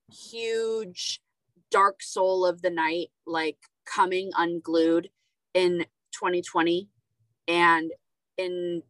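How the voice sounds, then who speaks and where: Lower-voiced woman hosting a casual chat. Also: a bit bright, no echo, rough recording. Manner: rambling, hesitant, many fillers. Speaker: podcast host. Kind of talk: casual conversational interview.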